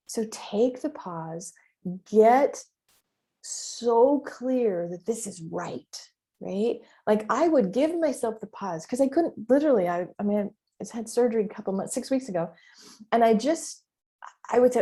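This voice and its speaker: A middle-aged woman with a warm, mellow voice talks through a casual solo podcast episode. Her delivery is emphatic and animated, dotted with mild swearing and quick quoted asides of her own thoughts. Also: fairly high pitch. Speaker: podcast host and business mentor.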